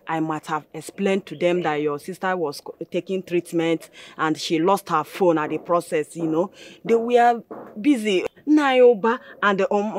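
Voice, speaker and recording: A woman's voice: medium pitch, lightly acted. An actress with an Igbo Nigerian accent playing an older village mother who is fussy and full of exclamations. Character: worried old village mother. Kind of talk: Nollywood film acting.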